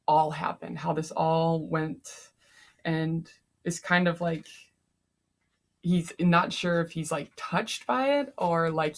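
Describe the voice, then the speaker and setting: A young woman casually summarizing a novel chapter for a class, tired, with many fillers. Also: sits low. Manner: chatty, frequent fillers.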